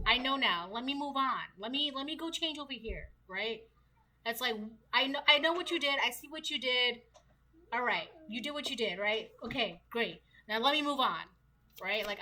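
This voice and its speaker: A woman's voice: high voice, bright, forceful tone, slight background noise, rough recording. A woman giving a casual tarot reading to her viewers, chatty and repetitive, often asking rhetorical questions. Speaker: tarot reader.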